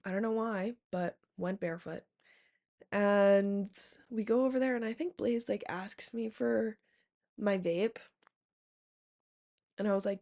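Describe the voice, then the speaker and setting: A young woman talks straight to camera in a loose, rambling storytime, sprinkling "like" and "um" through every sentence. Her voice sits at an ordinary middle pitch with a noticeable gravelly fry under it, and she swears casually as she goes. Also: fairly even intonation, measured pace, pauses often, darkish tone. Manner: rambling, heavy use of "like" and "um", profane. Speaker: vlogger.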